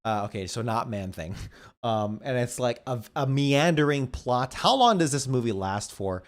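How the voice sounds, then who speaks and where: A man with a mid-range voice co-hosts a casual movie podcast. He is relaxed and jokey, laughing easily and tossing in "dude" as he riffs. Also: medium pitch, moderate pace. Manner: laid-back, laughs easily, says dude. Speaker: podcast co-host. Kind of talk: casual movie review chat.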